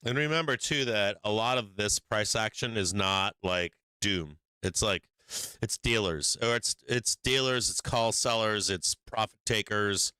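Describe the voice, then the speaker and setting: Working his charts on a live stock stream, this host rambles in a casual, profane way, restarting a lot and wandering off mic at his screens, hiccuping as he goes. He talks a little slowly with hardly any pauses, and his smooth, sharp-toned voice is on the low side, with no echo.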